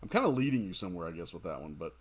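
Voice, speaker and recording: Man, gaming streamer, casual livestream chat, talks to viewers, filler-heavy, lively swinging pitch. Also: rapid-fire, husky. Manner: chatty and animated, talking to chat with fillers like "dude" and "um".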